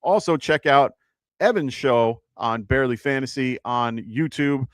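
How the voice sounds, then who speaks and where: A man's voice: medium pitch, a little slow, dry recording. A man with a New York accent hosting a live fantasy football advice show, chatty and full of fillers and restarts.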